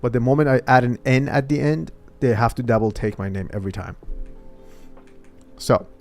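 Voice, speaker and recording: A man's voice: mid-range voice, moderate pace, a little mellow, faint music behind. A man vlogging and thinking aloud in a casual, hesitant way, often trailing off mid-thought.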